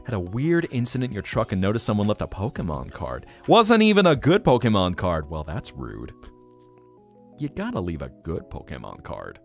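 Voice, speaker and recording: A man streaming live, chatting casually in a rambling, animated way, often laughing and thanking viewers. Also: lowish voice, normal speed, creaky, faint music behind.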